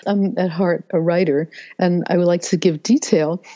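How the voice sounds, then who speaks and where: A woman's voice: on the low side, fairly even intonation, normal speed, warm tone. An older woman, a cookbook author, telling stories with enthusiasm in an interview conversation. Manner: chatty, storytelling, enthusiastic. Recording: dull lo-fi sound.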